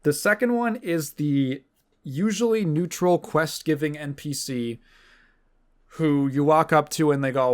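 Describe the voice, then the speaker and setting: A man hosting a casual podcast, his voice sitting a little higher than most men's. He rambles in a sardonic, loose way, swears freely and stumbles through fillers and restarts. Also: a little slow, smooth. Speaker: podcast host. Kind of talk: casual chat.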